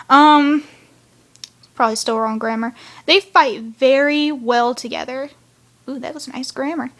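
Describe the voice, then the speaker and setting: A woman's voice: sits high, animated, measured pace, fairly bright tone. A teenage girl reviewing a cartoon episode in a chatty, rambling rant that keeps wandering off on tangents.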